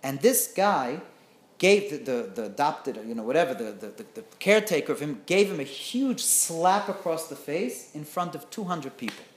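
A woman teaching through a story in an animated way, often checking in with her listeners. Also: low-pitched, normal speed. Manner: animated, often asks "right?". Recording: roomy echo.

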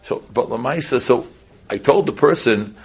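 A man's voice: mid-range voice, animated, normal speed, husky. A man, a rabbi giving an informal Torah lecture in a conversational way, repeating pointed rhetorical questions. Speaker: rabbi teaching a class.

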